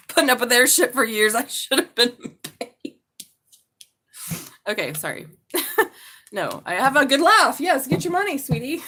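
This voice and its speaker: A woman's voice: medium pitch, fairly bright tone, slight background noise. A woman doing a live tarot reading, chatty and blunt, swearing and laughing as she talks. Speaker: tarot reader.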